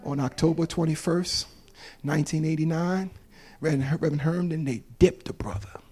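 A man in his fifties, a preacher giving a sermon that builds from quiet storytelling to shouted, tearful preaching. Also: fairly high pitch, steady tone, fairly quick. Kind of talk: sermon testimony.

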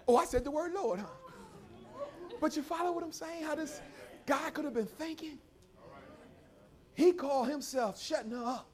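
A man preaching a story-driven sermon in a church, calling for responses and building to shouted praise. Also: very high-pitched, normal speed, long pauses, some chatter behind.

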